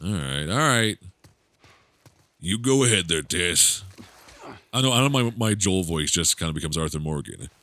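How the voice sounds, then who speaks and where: Man, deep voice, lively pitch, joking let's-play commentary, rambling. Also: moderate pace, long pauses. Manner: joking, rambling, laughs often. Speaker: gaming YouTuber.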